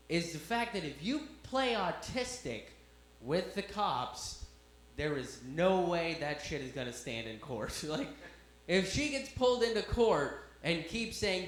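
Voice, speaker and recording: A man doing stand-up comedy, telling a story and acting out the other people's lines in animated bursts. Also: high-pitched, unhurried. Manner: animated, acts out voices of cops in anecdotes. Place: comedy club stage. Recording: echoey club room with faint hum.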